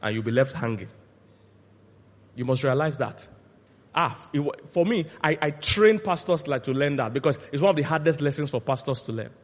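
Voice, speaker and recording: A male pastor preaching a sermon, asking the congregation to finish his lines and swinging from quiet asides to loud shouted peaks. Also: mid-range voice, animated, moderate pace. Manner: call-and-response questions to the congregation. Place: church hall. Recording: long hall reverb.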